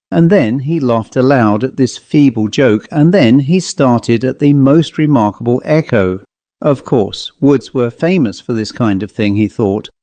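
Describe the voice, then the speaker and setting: A man narrating a ghost story as an audiobook, in a measured, steady way. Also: medium pitch, no room sound.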